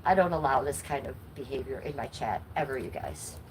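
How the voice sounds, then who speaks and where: A woman's voice: a bass voice, big pitch swings, brisk, a little hiss or hum, poor audio. A middle-aged woman with a nasal voice, talking bluntly and indignantly to her chat on a live stream. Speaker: livestreamer.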